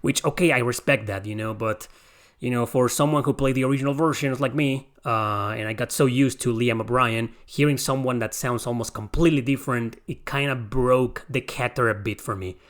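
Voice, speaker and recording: Young guy podcasting about a game, rambly, restarts his sentences a lot, gets excited now and then. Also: mid-range voice, a little fast. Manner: rambling, self-correcting, enthusiastic opinions. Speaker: podcast host. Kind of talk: casual game review talk.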